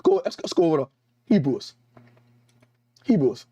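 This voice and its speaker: High-voiced Caribbean man preaching hard. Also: big pitch swings, moderate pace, dark tone, husky, no echo, muffled recording. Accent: Caribbean English. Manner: emphatic, repetitive, calls out to the congregation. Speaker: evangelist preacher. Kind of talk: sermon.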